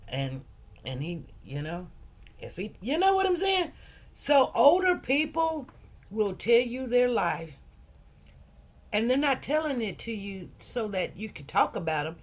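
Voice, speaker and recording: A middle-aged woman hosting a casual livestream, telling stories and preaching in an emphatic, heartfelt way. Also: mid-range voice. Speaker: livestream host.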